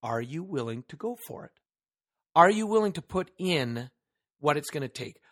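A man hosts a solo motivational podcast, talking straight into his microphone with earnest emphasis. His voice sits a little high for a man. He poses one rhetorical question after another to the listener. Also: animated, moderate pace, fairly bright tone. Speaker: podcast host.

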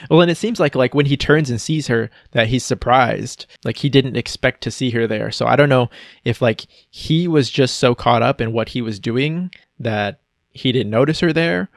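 A man's voice: mid-range voice, moderate pace, gravelly, no echo, studio quality. A man in casual chat about a film, thinking aloud with lots of "like"s and frequent laughs. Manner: chatty, laughs often, thinks aloud with many "like"s. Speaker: podcast co-host discussing a film.

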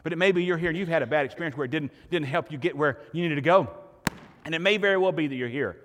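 A man's voice: on the high side, quick pace, in a large hall. A pastor giving a sermon to his congregation in a church, preaching earnestly and building to emphatic points. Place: church sanctuary.

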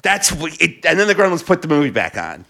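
A man talking excitedly and profanely as a podcast guest, often laughing mid-sentence. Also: a little high, fairly quick. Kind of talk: casual chat.

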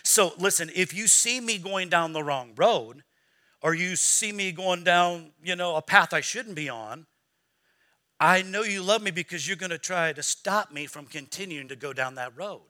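A man's voice: high voice, normal speed. A man preaching a sermon as pastor, asking the congregation to repeat words back and acting out quoted voices. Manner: preaching with call-and-response questions to the congregation; acts out quoted voices in a lively, mocking tone.

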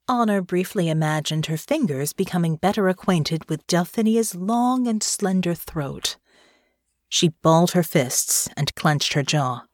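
A woman narrating a fantasy audiobook in an expressive storytelling manner. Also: lowish voice, measured pace, dry recording, clean studio sound. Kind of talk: scripted fiction narration.

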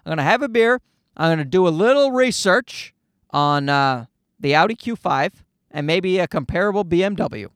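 A man's voice: high voice, expressive, normal speed, fairly bright tone, no echo, studio quality. A man from Canada hosting a podcast, ranting in a casual, profane, worked-up way. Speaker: podcast host. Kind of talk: casual solo rant.

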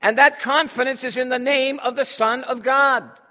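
A man's voice: very high-pitched, steady tone, normal speed, bright, forceful tone. A man preaching a sermon with emphasis, drawing responses from his congregation. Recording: long hall reverb.

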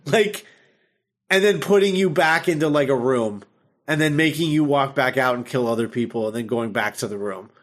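A man hosting a podcast, retelling an episode in casual chat, animated and full of fillers and laughter. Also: mid-range voice, moderate pace. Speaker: podcast host.

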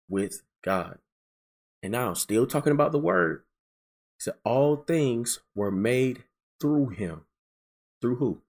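A man teaching verse by verse through scripture, emphatic and repetitive, slowing down to read passages aloud. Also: fairly low pitch. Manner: emphatic, repeats key phrases, slows down to read scripture aloud. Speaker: preacher.

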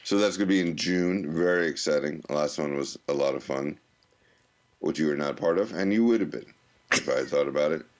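An American man co-hosting a podcast, teasing and relaxed in casual banter. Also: rumbling low, brisk. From United States. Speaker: podcast co-host.

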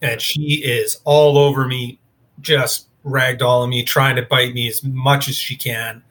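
A man's voice: mid-range voice, flat delivery, a little slow, a bit bright. A man, a guest in an interview, recounting a story in a casual, rambling way with lots of fillers. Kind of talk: storytelling in conversation.

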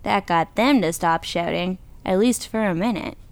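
A woman telling a children's story with dramatic sound effects and shouted chants. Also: on the low side, moderate pace, creaky. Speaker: guest storyteller.

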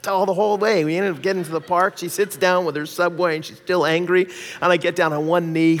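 A man preaching from the pulpit, weaving a personal story into his sermon and acting out the other people in it. His voice sits a bit high, and a long church reverb trails after each phrase. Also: fairly quick. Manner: animated storytelling, acts out quoted voices. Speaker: pastor.

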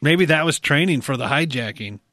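A man co-hosting a podcast, trading deadpan, provoking crude jokes in casual banter. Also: a little high, moderate pace, dry recording, studio quality. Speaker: podcast co-host.

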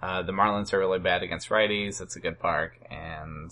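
A man's voice: low voice, fairly even intonation, moderate pace, pushed and bright. A man co-hosting a casual fantasy baseball podcast, dry and teasing, with a mild Oregon accent. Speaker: podcast co-host.

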